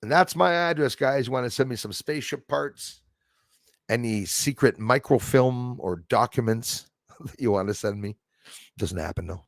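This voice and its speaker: Gravelly man hosting a livestream. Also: mid-range voice, animated, normal speed, no room sound, clean studio sound. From Canada. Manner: chatty, rambling, thanks viewers by name. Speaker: livestream host. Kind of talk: casual livestream chat, reading viewer comments.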